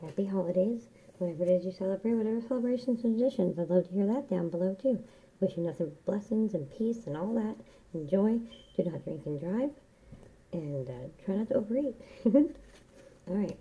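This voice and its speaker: A woman giving a casual, rambling tarot reading, chatty and quick to laugh. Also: mid-range voice, expressive, background noise. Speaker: tarot reader.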